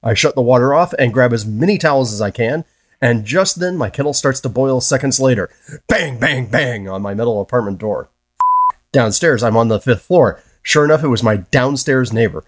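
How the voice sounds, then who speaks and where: A man's voice: medium pitch, fairly quick, dry recording. A man co-hosting a podcast, telling brewing disaster stories and reading listener letters in a dry, wry way. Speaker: podcast co-host.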